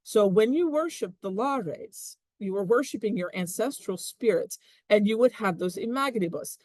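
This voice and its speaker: A woman's voice: medium pitch, moderate pace, no room sound. Chatty woman teaching Latin. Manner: chatty, animated, laughs often. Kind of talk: casual classroom explanation.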